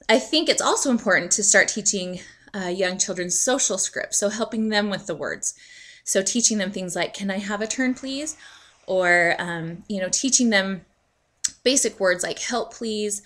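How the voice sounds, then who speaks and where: A woman hosting a video series, calmly and steadily explaining parenting tips to camera, with frequent pauses and "um"s. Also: mid-range voice. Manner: calm, measured and explanatory, with frequent "um"s. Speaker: host answering reader questions on parenting. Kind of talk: casual advice talk to camera.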